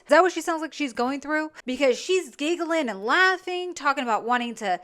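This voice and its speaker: A woman's voice: sits high, animated, moderate pace, few pauses, a bit bright. A woman hosting a reaction video, giving sarcastic, exasperated and profane commentary on phone call clips.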